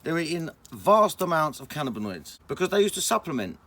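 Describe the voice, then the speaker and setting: A young man, chatting casually and excitably on a vlog, full of slang. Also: on the high side, a little fast. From England. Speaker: vlogger.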